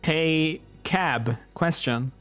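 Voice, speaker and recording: A man's voice: a little high, very slow, a bit bright, clear, resonant tone, soft background music. Plainspoken male player, thinking aloud. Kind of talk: tabletop role-play.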